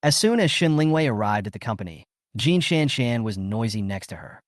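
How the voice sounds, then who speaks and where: A man's voice: mid-range voice, big pitch swings, a little fast, no room sound, studio quality. Man narrating a story recap.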